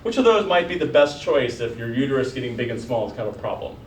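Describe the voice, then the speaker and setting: A man's voice: mid-range voice, very animated, fast, recorded from a distance, slight background noise. A man teaching a college biology class, lecturing casually and firing questions at his students. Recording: echoey classroom recorded from afar.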